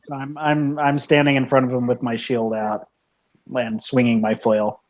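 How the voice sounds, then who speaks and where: A man's voice: mid-range voice, little pitch movement, moderate pace, muffled recording. A man playing a tabletop role-playing game, earnest with jokey in-character asides. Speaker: player.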